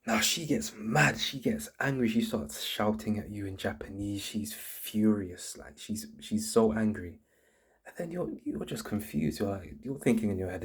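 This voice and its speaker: A man with a low, slightly husky voice hosts his channel in a casual monologue. He explains earnestly, often stumbling and restarting his sentences as he goes. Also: moderate pace. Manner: earnest, frequent restarts and repeated words. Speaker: channel host.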